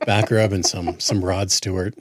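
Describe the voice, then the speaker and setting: A man's voice: deep voice, fairly even intonation, moderate pace, noisy background. A man co-hosting a casual podcast as a father, joking around and wandering off on tangents. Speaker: podcast co-host. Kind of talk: casual chat.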